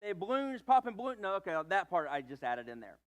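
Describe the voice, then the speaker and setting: Male pastor, playful conversational sermon, high voice. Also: very animated, fast talker. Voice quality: playful, joking asides, fillers.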